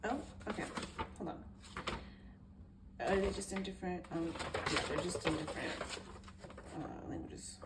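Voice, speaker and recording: A young woman chatting casually at home in an unboxing vlog, excitable and chatty, swearing freely and dropping to near-whispers. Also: on the low side, moderate pace, pauses often, very noisy. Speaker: vlogger.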